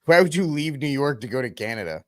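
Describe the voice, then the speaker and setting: A man's voice: medium pitch, expressive, fast, crowd noise. A man co-hosting a podcast in casual chat, with a wry, sarcastic way of telling stories. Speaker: podcast co-host.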